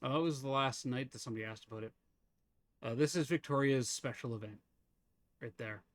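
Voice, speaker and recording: A man's voice: medium pitch, brisk. A man streaming a game live, chatting casually with viewers, teasing them and laughing often.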